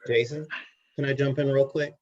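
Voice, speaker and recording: A man's voice: mid-range voice, level tone, moderate pace, a little mellow. A man on a video call asking a question in a casual, polite way. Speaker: chamber member asking a question. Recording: dull lo-fi video call audio.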